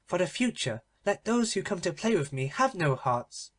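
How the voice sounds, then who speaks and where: A man's voice: high voice, lively intonation, normal speed, fairly bright tone, pitched above the performer's own voice. A man voicing a haughty, spoiled young princess who mocks and gives orders in a raised voice. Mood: mocking, imperious. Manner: mocking, imperious.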